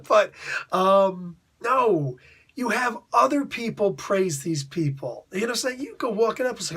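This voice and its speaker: A man's voice: high-pitched, sing-song, normal speed, fairly bright tone, husky. A man giving a casual spoken comic book review, chatty and rambling, laughing often and asking his listeners whether they follow him. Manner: chatty, laughs often, asks "you know what I'm saying?"; rambling, with restarts and asides.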